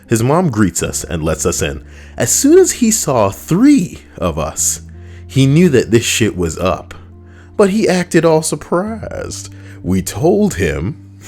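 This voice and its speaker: A man's voice: fairly low pitch, darkish tone. A man giving crude, mocking comedic reactions to stories he reads out, ranting as he goes. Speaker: online commentator.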